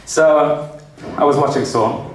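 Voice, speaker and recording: A man performing a stand-up comedy set, animated and slipping into exaggerated character voices for his jokes. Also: a little high, takes it slowly, very noisy. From New Zealand. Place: comedy club stage with a laughing audience. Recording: echoey club recording from far off.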